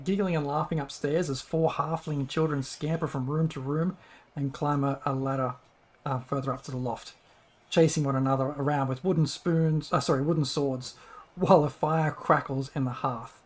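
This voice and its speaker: A man narrating as game master over an online call, relaxed and descriptive with frequent fillers. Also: a little high, normal speed.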